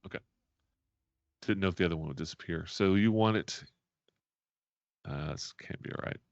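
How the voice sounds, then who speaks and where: A man running a tabletop role-playing game as game master, animated and often laughing. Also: sits low, moderate pace, no echo, dull audio. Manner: animated, laughing, counting out moves.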